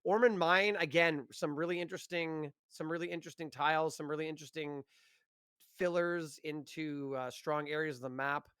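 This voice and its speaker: A man's voice: on the high side, fairly even intonation, moderate pace, a bit bright, clean tone, no room sound. A man co-casting a live esports match, rambling and restarting his sentences with frequent laughs. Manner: rambling, self-interrupting, laughs often. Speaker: esports co-caster.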